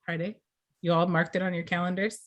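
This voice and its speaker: A woman giving a class lecture as a teacher trainer. She speaks clearly and deliberately and keeps asking the class questions. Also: fairly low pitch, little pitch movement, highs cut off.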